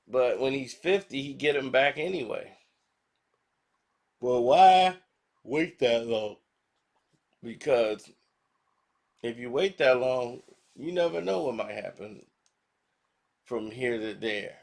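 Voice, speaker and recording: Gravelly-voiced man riffing casually. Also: medium pitch. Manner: animated, slangy, acts out quotes in other voices. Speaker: commentary channel host. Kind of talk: casual commentary vlog.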